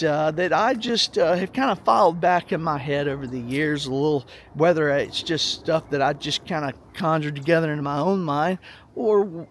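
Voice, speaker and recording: A man's voice: on the high side, a little hiss or hum. A middle-aged man giving casual, rambling money commentary in a vlog, emphatic and folksy, often repeating himself. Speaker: finance vlogger.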